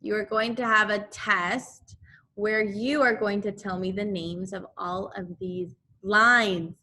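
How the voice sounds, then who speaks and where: A woman teaching a second grade class remotely, slowly repeating drills for the children. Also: medium pitch, fairly even intonation, sharp tone.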